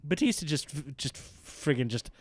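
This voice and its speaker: A man co-hosting a casual wrestling podcast, sarcastic and quick to act out mock quotes in silly voices. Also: fairly high pitch, expressive, darkish tone, no room sound, clean studio sound. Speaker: podcast co-host.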